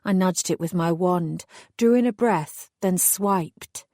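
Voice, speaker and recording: A woman narrating a paranormal romance audiobook in the first person with measured, wry delivery. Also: on the low side, warm tone, no echo, clean studio sound.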